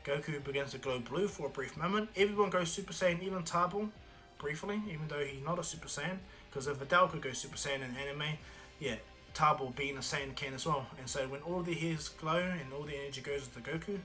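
A man's voice: fairly high pitch, a little fast, pushed and bright, soft background music. A man casually retelling a fan-made story in a loose, rambling way with many fillers.

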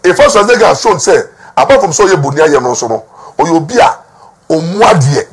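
A man's voice: fairly high pitch, big pitch swings, fast talker, breathy edge. A man with a Ghanaian accent giving emphatic gossip news commentary, repeating words for stress and mixing Twi with English. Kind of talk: talking-to-camera gossip commentary.

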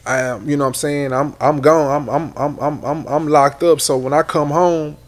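A middle-aged man, telling stories as a guest in a casual interview, loose and animated, often repeating words. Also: on the high side, moderate pace.

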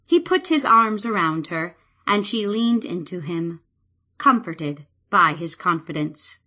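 A woman narrating a fantasy audiobook in a calm, measured way. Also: lowish voice.

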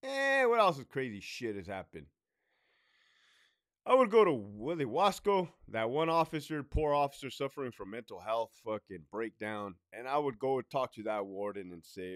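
Ex prison lieutenant guy in his 30s cussing through a story, pitch jumping all over, dry close sound. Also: normal speed, no room sound. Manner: animated, swearing, laughing between points. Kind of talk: profane storytime rant.

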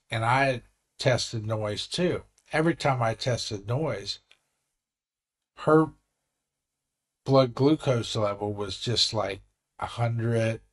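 A man in his late sixties talks slowly and steadily to his camera in a casual vlog. He tells his story earnestly, wandering and restarting his sentences as he goes. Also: medium pitch. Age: 60s. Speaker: vlogger.

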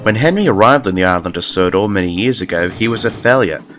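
Male storybook narrator with a low, plain and steady read. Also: fast, loud music behind the voice.

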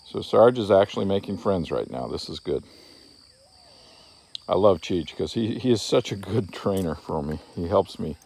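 A man, a dog trainer, calmly explaining a training session and breaking into coaxing calls to his dog. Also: low voice, normal speed, vocal fry, breathy edge.

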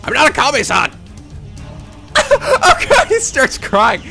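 Giggly, wildly animated man gamer. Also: extremely high pitch, slow pace, gravelly, soft background music. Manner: giggly, playful, theatrical. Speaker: let's play host. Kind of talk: reading a visual novel aloud with comic voices.

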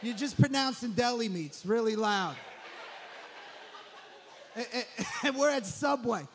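A man's voice: extremely high pitch, animated, a bit bright, a little hiss or hum. A man from New doing a profane, rambling stand-up comedy set on a club stage. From New Jersey. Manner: profane, rambling, rapid riffing.

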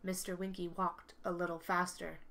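A woman reading a picture book aloud to children, expressive and stopping to ask the listeners questions. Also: on the low side, moderate pace, gravelly. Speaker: children's story reader.

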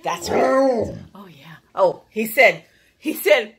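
Female pet vlogger at home; sweet, playful, unhurried talk, bright sing-song delivery. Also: a little high, lively intonation, slight background noise. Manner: playful, talks sweetly to her dogs and viewers. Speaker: vlogger, dog owner. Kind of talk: casual pet vlog.

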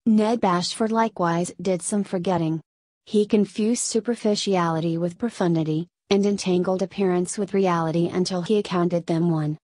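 A woman reading a classic story aloud as narrator, in a measured storytelling manner. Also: fairly low pitch, fairly even intonation, darkish tone, no room sound. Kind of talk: scripted narration.

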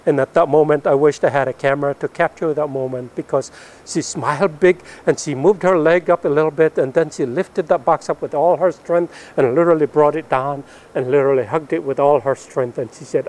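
Speaking a bit briskly in a fairly high voice, a middle-aged man from the northern Philippines shares his testimony as a missionary pilot and Bible translator before an audience. His animated delivery grows loud, then softens at the close of each line.

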